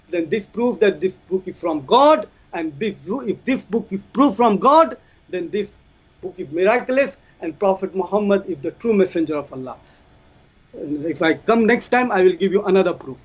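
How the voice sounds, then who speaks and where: A man with a strikingly high voice argues his case in a debate. He counts his points off one by one and repeats them like a drill. The recording sounds dull and lo-fi. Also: lively intonation, normal speed, breathy edge. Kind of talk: debate argument.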